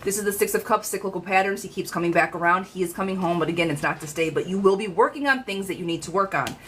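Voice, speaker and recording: A woman giving a live-streamed tarot reading in a chatty, frank, lively way, talking straight to her viewers. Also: fairly low pitch, fast talker, slight background noise, low-quality recording. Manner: chatty, animated, frank, calls viewers girlfriend. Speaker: tarot reader.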